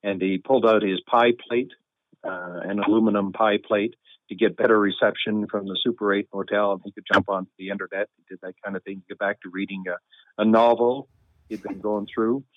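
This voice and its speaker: A man recounts a story with wry, deadpan humor and easy chuckles. His voice sits low and dry. It comes through a thin, phone-like line. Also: fairly quick, dry recording. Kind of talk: relaxed anecdotal storytelling.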